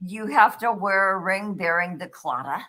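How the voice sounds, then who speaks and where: An older woman co-hosting a casual talk show, blunt and quick to swear. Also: medium pitch, animated, over a noisy crowd. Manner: blunt and profane. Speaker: co-host. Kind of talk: casual chat.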